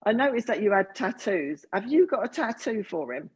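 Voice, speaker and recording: A woman giving a spiritualist mediumship reading in a halting, earnest way full of fillers and restarts. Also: medium pitch, big pitch swings, a little mellow, husky.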